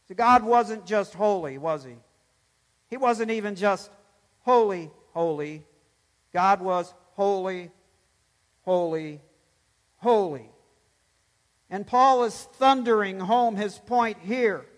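A man's voice: sits high, long reverb tail. A pastor preaching a sermon, emphatic, swelling and dropping his voice to stress points.

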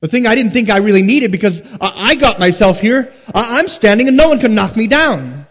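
High-voiced man preaching in a reverberant hall. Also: expressive. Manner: emphatic, swinging between loud stresses and hushed drops; rhetorical questions and dramatic pauses. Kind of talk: expository sermon.

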